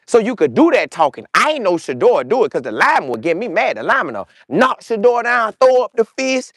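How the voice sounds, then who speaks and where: A man hosting a casual sports commentary show, talking fast and slangy, reading live chat and acting out players' trash talk. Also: high-pitched, no echo, studio quality. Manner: animated, slangy, mimics players in quoted voices. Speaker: show host.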